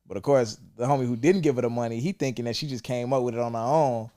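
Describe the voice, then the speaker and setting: A man's voice: medium pitch, fast talker, mellow. A young man co-hosting a podcast in casual, laid-back chat, telling a friend's story and wrapping up the show. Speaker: podcast co-host.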